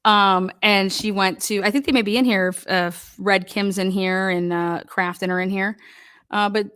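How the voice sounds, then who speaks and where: A woman's voice: medium pitch, steady tone, moderate pace, a bit bright, clean tone. Foul-mouthed woman ranting on a stream. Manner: profane, indignant storytelling with bursts of laughter. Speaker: livestream panel host. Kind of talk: live stream rant.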